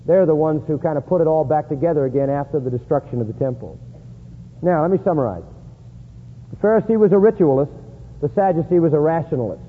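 A man preaching a sermon in an emphatic style, rising high and loud to stress points. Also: expressive, fast, a little hiss or hum. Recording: echoey hall on a tinny lo-fi line.

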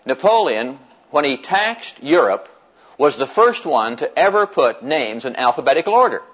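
An older American man telling a personal story to an audience, animated and chuckling, acting out what others said. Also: medium pitch, normal speed, slightly rough, dull audio. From United States. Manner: animated, chuckling storyteller who acts out quoted voices.

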